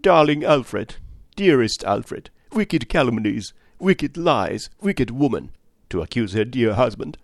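A man voicing a brusque, blunt middle-aged spinster who speaks in curt, forceful bursts. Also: medium pitch, big pitch swings, takes it slowly, creaky, dry recording, studio quality, full character voice. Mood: indignant.

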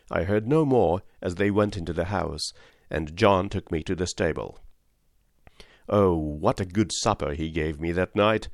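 A man reading a classic story aloud in a gentle, measured storytelling manner. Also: deep voice, no room sound, clean studio sound. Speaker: audiobook reader. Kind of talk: storybook narration.

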